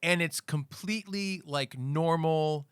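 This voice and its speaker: A man's voice: on the high side, takes it slowly, clear, resonant tone, dry recording, studio quality. A man co-hosting a podcast, chatting casually about movies and rambling through scene recaps with quoted lines. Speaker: podcast co-host.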